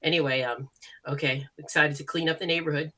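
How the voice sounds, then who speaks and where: A stammering, eager insurance salesman, played by a man in improv, bright and tense in tone, tripping over fillers as he tries to sound cheerful. Heard over a video call. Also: on the high side, steady tone, brisk. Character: nervous chipper male insurance salesman and barbershop singer. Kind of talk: improv comedy character.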